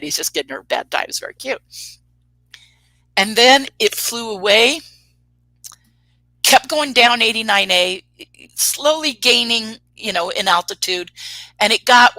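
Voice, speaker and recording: A woman on a radio talk show tells her story with a bright, forceful tone. She recounts events with energy, voices the other people in the story, and laughs as she goes. The sound is close and dry, with no room around it. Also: medium pitch, no room sound, low-quality recording. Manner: animated storyteller, acts out quotes, laughs often. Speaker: UFO tour guide telling sightings.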